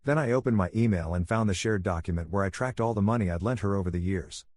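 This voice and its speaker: A male narrator tells a long story in a calm, steady, measured way, his voice low-pitched and husky. The audio is dry and close with no echo.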